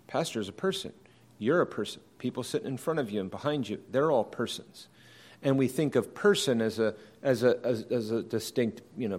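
A man preaching an evening sermon, explaining doctrine in a measured, emphatic way and often rephrasing his points. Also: mid-range voice, a little mellow.

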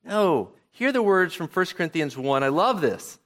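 Animated male preacher. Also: on the high side, moderate pace. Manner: animated preaching with rhetorical questions. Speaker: pastor. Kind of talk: sermon. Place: church.

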